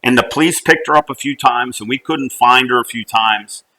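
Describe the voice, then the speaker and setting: A middle-aged man from the United States, a company CEO, telling a personal family story in an earnest, halting way, often restarting his sentences. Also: medium pitch, sharp tone, rough recording.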